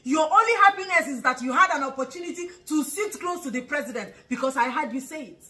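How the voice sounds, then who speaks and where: A woman with a Nigerian accent in an angry vlog commentary, scolding with rhetorical questions, mocking laughs and bursts of shouting. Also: sits high, lively intonation, fast talker, low-quality recording.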